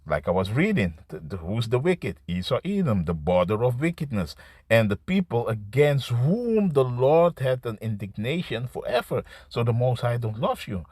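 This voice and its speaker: A man preaching an improvised scripture sermon to camera. He talks in a halting, repetitive way, restarting words and tagging lines with "man" and "you see.". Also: medium pitch, big pitch swings, darkish tone, breathy edge, dry recording. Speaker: street-style preacher.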